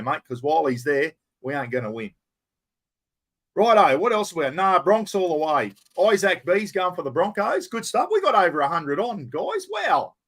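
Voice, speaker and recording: An Australian man chatting to his livestream viewers in a loose, rambling way. His voice sits a little high for a man. He is blunt and plain-spoken and keeps calling people mate. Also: a bit bright. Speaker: livestream host. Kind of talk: casual livestream chat.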